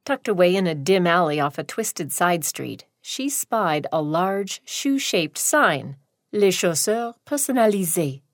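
Slow, deliberate woman storyteller. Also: fairly low pitch, animated, no echo, studio quality. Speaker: narrator. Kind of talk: storybook reading.

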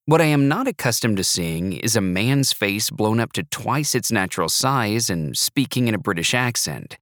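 A man with a low voice reads a first-person novel aloud, wry and measured in his delivery. The recording is dry and close, with no echo at all. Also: lively intonation, fairly bright tone. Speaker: narrator. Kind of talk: first-person audiobook narration.

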